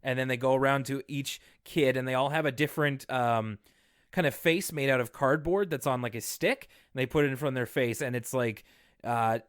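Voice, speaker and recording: Young male podcast co-host, mid-pitched and chatty, dry close mic, acts out quotes. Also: fairly quick, smooth, dry recording. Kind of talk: casual podcast chat recapping a cartoon.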